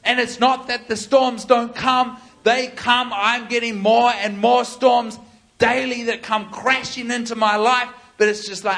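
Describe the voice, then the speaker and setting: Preacher, male, high voice, animated storyteller, acts out voices for a live crowd. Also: a little slow. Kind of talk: sermon with storytelling.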